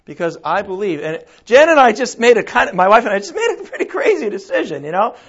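An older man preaches in a loose, folksy way, asking his listeners question after question. His voice sits high. The recording is dull and lo-fi. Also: very animated, fast talker, a bit bright, husky. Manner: conversational, folksy, with rhetorical questions. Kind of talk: sermon.

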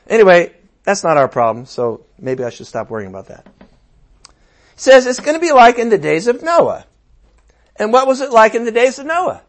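Animated high-voiced male preacher. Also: normal speed, pauses often. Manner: animated and conversational, with playful asides and sudden outbursts. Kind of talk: sermon.

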